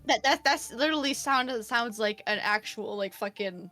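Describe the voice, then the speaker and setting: A woman's voice: fairly high pitch, normal speed, sharp tone, soft background music. A woman playing a video game with a friend on stream, polite and a little hesitant. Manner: polite, hesitant, brief replies. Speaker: streamer and co-op partner. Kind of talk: casual let's-play chat.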